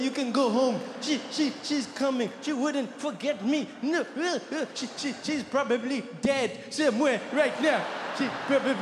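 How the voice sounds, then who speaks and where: A man's voice: very high-pitched, background noise, voice pushed up. A comedian voicing an anxious, stammering ten-year-old boy, performed live in a large hall.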